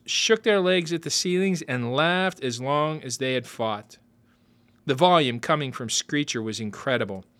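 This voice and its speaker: A man reading a novel aloud as narrator, with lively, expressive storytelling. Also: medium pitch.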